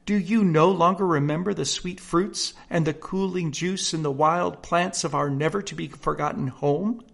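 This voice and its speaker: A homesick storybook canary, as a man reading aloud puts him on, dreamy and poetic as he longs for his warm island home. The voice sits high, with a faint gravelly rasp. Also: normal speed. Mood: wistful. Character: wistful, homesick canary bird, male.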